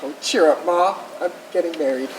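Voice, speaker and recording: A nervous young bridegroom, played by a young actor, pleads in earnest, stammering phrases. His voice sits a little high. A faint room hum lingers on the stage. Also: normal speed, natural voice. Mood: pleading. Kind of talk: live stage acting.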